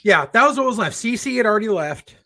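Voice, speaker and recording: With a high, pushed, bright voice and noticeable vocal fry, this middle-aged man talks fast and animatedly as a podcast co-host. He rambles through long stories laced with swearing, doing voices for those he quotes, in casual chat recorded with no room sound.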